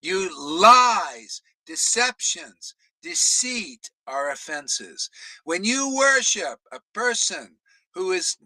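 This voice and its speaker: A man preaching with fire, shouting in bursts, then dropping to a mutter, swearing often. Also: high voice, very animated, slow pace, no echo, poor audio. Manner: swings from shouting to muttering, profane. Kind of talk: fiery devotional preaching.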